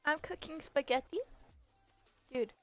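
A woman's voice: high voice, a little slow, fairly bright tone, dry recording, soft background music. A young woman streaming a game live, chatting casually with viewers, giggling and stumbling over her words. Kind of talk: casual live-stream chat while gaming.

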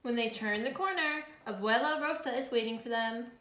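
A woman teacher reading a picture book aloud to her students, speaking clearly, slowly and expressively. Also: fairly high pitch, a bit bright. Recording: echoey room.

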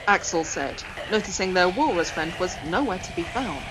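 A woman narrating a story in an expressive storybook reading. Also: mid-range voice, normal speed, hardly any pauses, noisy background.

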